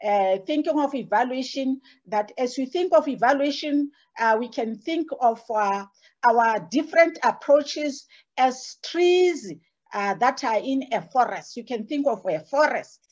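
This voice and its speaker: Slow, high-voiced woman panelist. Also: animated, darkish tone, dull audio. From Botswana. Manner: measured, hesitant with many fillers and restarts. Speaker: panelist, evaluation scholar. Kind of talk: panel talk.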